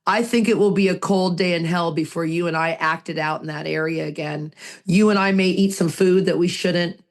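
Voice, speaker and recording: A woman's voice: fairly low pitch, fairly even intonation, moderate pace. A woman co-hosting a recovery podcast, talking in an emphatic, heartfelt way and repeating her phrases for weight. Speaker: podcast co-host.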